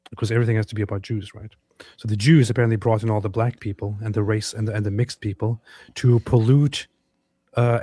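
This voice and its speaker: A man's voice: lowish voice, mellow, no echo, studio quality. A man co-hosting a casual reaction show, talking in an emphatic, sarcastic way. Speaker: co-host.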